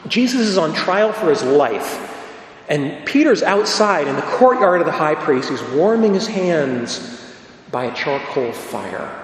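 A priest giving a sermon, telling the story dramatically, sometimes dropping to a low hush. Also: male voice, slight background noise. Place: large church. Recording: echoey church with long reverb.

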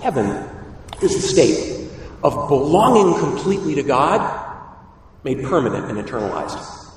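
A man preaching a sermon as a priest, animated and acting out the voices he quotes. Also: medium pitch, measured pace, pauses often, a little hiss or hum. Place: large church. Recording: echoey church heard from a distance.

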